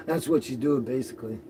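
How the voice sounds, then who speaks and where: A man hosting a casual live stream, greeting viewers and chatting in a relaxed, rambling way with frequent chuckles. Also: mid-range voice. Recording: noisy recording with birds behind.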